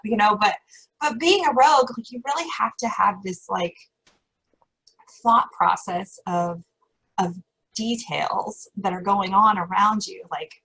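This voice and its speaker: On a casual podcast interview, a middle-aged female guest chats in a rambling way, frequently laughing and self-correcting. She speaks at a medium pitch with a slightly bright tone, though the audio is poor.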